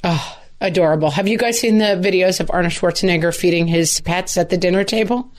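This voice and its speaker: A woman in her thirties co-hosting a casual podcast chat, telling stories in a wry, animated way. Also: fairly low pitch, brisk. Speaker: podcast co-host.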